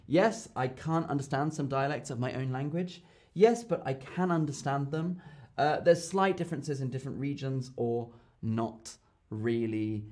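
A man's voice: mid-range voice, normal speed. A young man hosting a casual live-stream lesson, chatty, with many fillers and repeated key phrases. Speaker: German tutor hosting a live Q&A.

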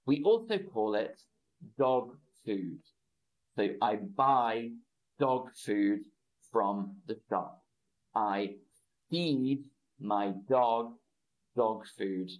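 Very slow-speaking male English teacher. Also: lowish voice, lively intonation, rough recording. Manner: slow, repetitive, greets chat viewers by name. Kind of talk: slow live-stream English lesson.

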